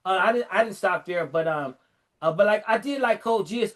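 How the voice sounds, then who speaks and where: A middle-aged man in casual chat, animatedly retelling a story and acting out the lines in a lower voice. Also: normal speed. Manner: animated storyteller, fillers and restarts, acts out quotes in a lower voice.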